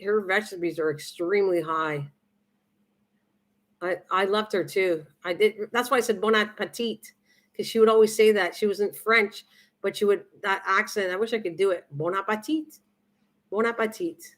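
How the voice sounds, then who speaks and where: A middle-aged woman talks casually to her viewers while she cooks on a live stream. She rambles, restarts her sentences and fills the pauses with ums and uhs. Her pitch sits in a plain middle range. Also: a bit bright. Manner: chatty, rambling, many restarts and fillers.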